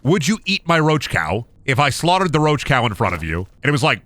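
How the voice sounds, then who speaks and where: A man's voice: mid-range voice, big pitch swings, fairly quick, fairly bright tone, dry recording. A young man live-streaming a game, rambling goofily and joking as he plays. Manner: goofy, rambling, sings and jokes. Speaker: gaming streamer. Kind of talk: casual live-stream commentary.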